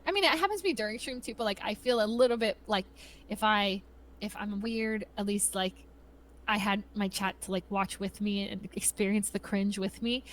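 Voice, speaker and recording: A woman's voice: mid-range voice, normal speed, a bit bright, low-quality recording. A young woman in casual conversation, rambling and restarting sentences, acting out little voices when she quotes people. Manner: rambling, self-interrupting, acts out voices in quotes. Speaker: guest streamer. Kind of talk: casual chat.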